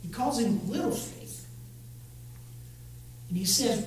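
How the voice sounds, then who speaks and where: A man preaching a sermon, expressive and talking straight to the congregation, urging them to join in. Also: very high voice, measured pace, pauses often. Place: church sanctuary. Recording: very echoey church, voice from far off the mic, faint hum.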